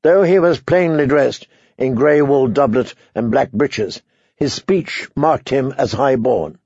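A man narrating a story as an audiobook reader, in a measured, even way. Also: mid-range voice, husky, no room sound, lo-fi sound. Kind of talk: scripted narration.

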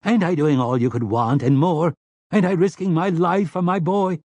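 A man voicing a gruff, desperate middle-aged male traitor in an audiobook, with rough, rustic speech. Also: on the high side, moderate pace, a little mellow, no echo, voice pushed up, close to an everyday voice. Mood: whiny. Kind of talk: audiobook character voice.

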